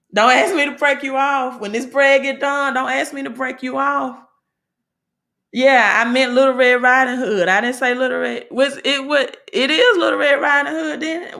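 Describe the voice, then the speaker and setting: A woman hosting a casual livestream, talking in an animated, preachy way and correcting herself as she goes. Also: medium pitch. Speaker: livestream host.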